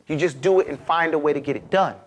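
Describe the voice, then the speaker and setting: A man with a New York accent teaching a class, lively and animated, urging his students to repeat after him. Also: on the high side, fast, slight background noise. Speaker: Arabic teacher. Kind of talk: classroom lecture.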